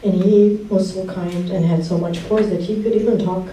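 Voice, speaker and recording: A woman giving a memorial speech for her late husband, telling warm stories and laughing often. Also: fairly low pitch, fairly even intonation, moderate pace. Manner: fond, storytelling, laughs often. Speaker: widow giving a eulogy. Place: memorial gathering in a hall. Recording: distant, roomy hall sound with faint background noise.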